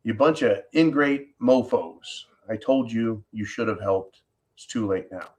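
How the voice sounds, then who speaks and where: A man's voice: fairly low pitch, unhurried, darkish tone, close to an everyday voice. A man voicing a stubborn, self-reliant hen from a storybook fable, in a mocking, sing-song way. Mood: scornful.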